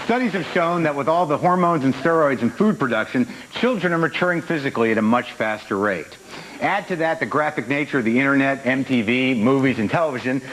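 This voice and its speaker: A man's voice: mid-range voice, expressive, a little fast, fairly bright tone, slight background noise, rough recording. A man on a comedy panel, making an absurd case in a mock-reasoned, earnest tone. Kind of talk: mock-serious comedic pitch.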